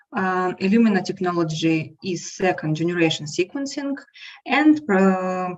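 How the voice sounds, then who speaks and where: Woman lecturer, lowish voice, steady reading with fillers, dull lo-fi call sound. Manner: reads steadily with small fillers and restarts. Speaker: instructor and invited speaker. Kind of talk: prepared lecture. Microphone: remote call without camera. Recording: muffled lo-fi call audio.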